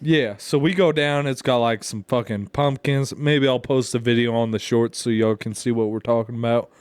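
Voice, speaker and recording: A man's voice: medium pitch, steady tone, normal speed, clear, resonant tone, no room sound. Profane man telling a rambling story. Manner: profane, rambling, laughs through his stories. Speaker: podcast co-host. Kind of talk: casual storytelling.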